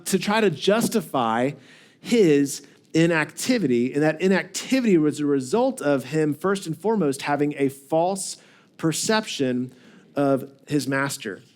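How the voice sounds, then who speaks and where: A high-pitched man delivers a sermon from the pulpit in a church. He talks in a casual, conversational way and now and then acts out the voices of the people in the story. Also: animated, moderate pace. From United States. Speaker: pastor. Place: church sanctuary.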